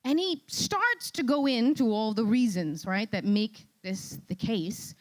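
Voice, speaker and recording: A woman with a New York accent telling a comic story on stage, animated and exclaiming, often tagging lines with "right?". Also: on the high side, a little slow. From Queens, New York. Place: event stage before an audience.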